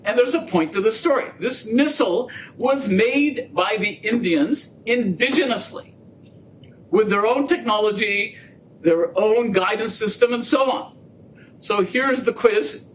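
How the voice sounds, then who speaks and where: High-voiced joking man lecturing from afar. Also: measured pace. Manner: animated, joking storyteller. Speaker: guest lecturer. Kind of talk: public lecture. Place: lecture room. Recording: distant mic with faint rumble.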